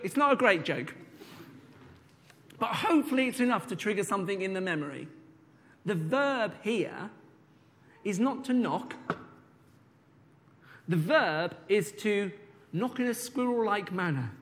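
Male preacher; high pitch, chatty sermon delivery with slow stressed words, reverberant hall. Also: lively intonation, a bit bright. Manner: conversational, drawn-out emphasis on key words.

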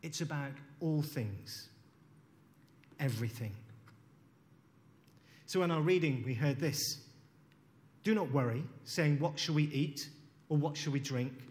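A man delivers a sermon in a measured, unhurried way, reading scripture aloud and reflecting on it. His voice sits on the higher side, and a long reverb trails his words around a large hall. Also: a little mellow. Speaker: preacher.

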